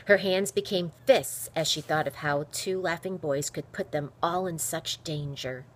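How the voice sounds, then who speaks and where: A woman reading a children's novel aloud with expressive storytelling. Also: low voice, a little slow. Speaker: reader.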